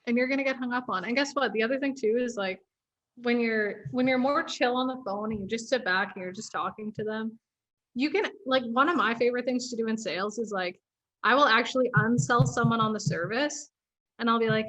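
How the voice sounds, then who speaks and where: Relaxed woman guest, slightly high voice, easygoing chat. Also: brisk, poor audio. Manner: relaxed, laid-back, filler "like". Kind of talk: casual interview chat.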